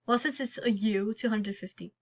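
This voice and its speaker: A woman's voice: mid-range voice, moderate pace, close to an everyday voice. A woman reading a smug haggling merchant. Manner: condescending, mocking. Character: smug scheming merchant who haggles hard. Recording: lo-fi recording.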